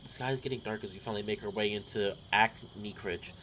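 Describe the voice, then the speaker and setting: A man's voice: fairly low pitch, fairly even intonation, quick pace, sharp tone, slight background noise. A man casually reading a visual novel aloud and chatting about it as he plays, with fillers and rambling asides. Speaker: game streamer. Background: game music.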